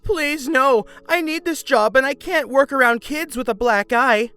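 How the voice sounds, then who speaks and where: A man's voice: extremely high pitch, a little slow, bright, forceful tone, clean tone, voice pushed up, exaggerated voice. A man voicing himself in a put-on crying voice, whimpering and begging. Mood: mock pleading. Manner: fake crying, whimpering pleas. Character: man faking tearful pleading on the phone.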